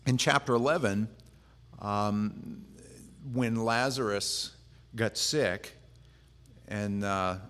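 A man's voice: fairly low pitch, slow, long pauses, fairly bright tone. A pastor preaching a conversational sermon in a casual, humorous way, often acting out the lines he quotes.

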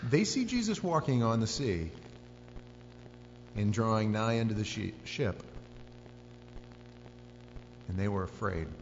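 A man preaching a sermon, telling the story with lively acted-out voices and screams. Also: lowish voice, a little slow, long pauses. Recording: dull lo-fi sound with long hall reverb and faint hum.

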